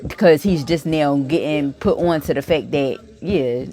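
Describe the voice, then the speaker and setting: A woman vlogger telling a story in a casual, animated and profane way, full of fillers. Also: low-pitched, a little slow.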